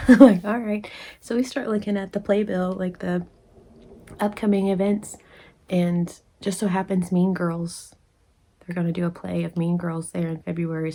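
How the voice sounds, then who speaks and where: Indoors at home with rain falling outside, a crochet vlogger tells a chatty storytime to the camera. Her voice is creaky and a little mellow, and she acts out the people she quotes with jumps in pitch.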